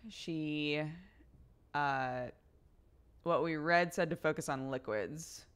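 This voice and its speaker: A woman's voice: low-pitched, fairly even intonation, slow pace, pauses often, clean tone. A young adult woman livestreamer telling a story in casual chat, swearing freely along the way. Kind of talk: casual chat to a live audience.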